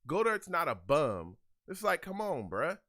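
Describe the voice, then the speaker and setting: A young man calls a game live for his fan show, his voice riding a little high and swinging wildly from low grumbles to loud outbursts. He rants in exasperation, says the same complaint over and over, and stops to read chat comments aloud. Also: big pitch swings, a little slow. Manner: exasperated, ranting, repeats himself.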